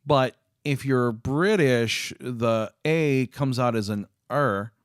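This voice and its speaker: A man's voice: medium pitch, takes it slowly, hardly any pauses, clean tone, dry recording, clean studio sound. A man chatting casually with viewers on a live stream, rambling with lots of fillers and restarts. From United States.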